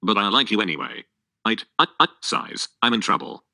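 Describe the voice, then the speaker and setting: A male text-to-speech voice reading the lines of an awkward, shy male ogre in a flat, synthetic way. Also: on the low side, fairly quick, no room sound, studio quality. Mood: nervous.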